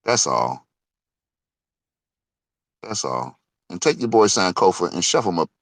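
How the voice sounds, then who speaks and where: Heated profane man with lively pitch. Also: a little slow, dry recording. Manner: heated, profane, swings from loud to muttering; lively pitch, laughs between points. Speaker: online show host. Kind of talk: casual rant.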